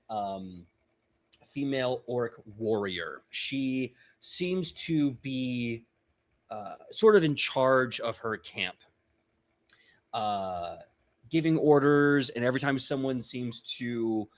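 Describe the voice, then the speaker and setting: Animated male game master. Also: mid-range voice, takes it slowly. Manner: casual, chuckling, many fillers. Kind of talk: tabletop game narration.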